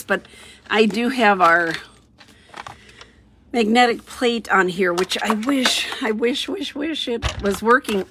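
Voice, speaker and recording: A woman's voice: fairly low pitch, fairly bright tone, slightly rough. A woman chatting casually through a craft demonstration, thinking aloud as she colors and cheerfully saying "ta-da" after each step. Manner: chatty, thinks aloud, sing-song "ta-da" while working. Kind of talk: casual craft tutorial narration.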